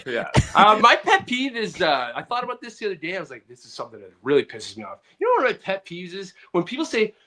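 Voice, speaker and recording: A man's voice: high voice, huge pitch swings, fast, few pauses, bright, forceful tone. A man co-hosting a comedy podcast, rambling through stories in casual chat and mimicking the people in them. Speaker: podcast co-host.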